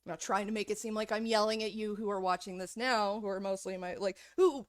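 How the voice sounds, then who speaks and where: A woman's voice: medium pitch, steady tone, fairly quick, few pauses, no room sound, clean studio sound. A woman streamer in a heated, profanity-filled rant, angry throughout. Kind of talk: livestream rant.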